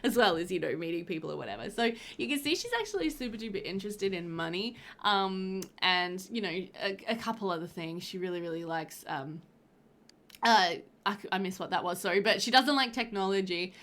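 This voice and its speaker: A woman's voice: mid-range voice, lively intonation, fairly quick, fairly bright tone. A woman giving a casual voiceover commentary on her gameplay, chatty and rambling with a bubbly manner. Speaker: gaming video creator. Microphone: voiceover recorded after gameplay.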